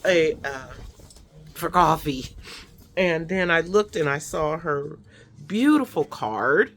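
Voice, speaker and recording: A woman's voice: low-pitched, lively intonation, slow. A woman hosting a personal vlog, speaking in an effusive, emotional way with many fillers. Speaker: host. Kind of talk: heartfelt personal vlog chat.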